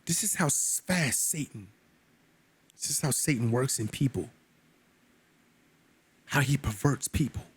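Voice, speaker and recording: A man's voice: animated, measured pace, pauses often, husky. A man leading a Bible study, reading scripture and commenting on it in an emphatic, preacherly way, with casual asides to his listeners. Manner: emphatic, preacherly, pitch climbing on stressed words.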